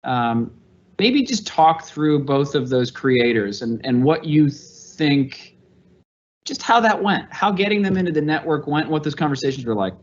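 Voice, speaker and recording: A man hosting a podcast interview, asking measured, explanatory questions. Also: on the high side, big pitch swings, dull audio. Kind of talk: casual interview talk.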